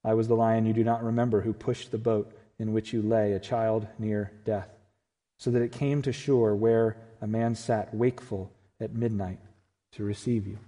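A man voicing a large, majestic male lion, speaking slowly in a low, hushed and grave way, in a reverberant church. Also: level tone, lightly acted. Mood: solemn.

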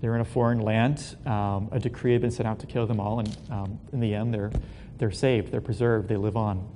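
A man telling a Bible story as a relaxed, casual lesson, full of fillers and joking asides. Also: fairly quick. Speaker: Bible teacher. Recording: long hall reverb, faint rumble.

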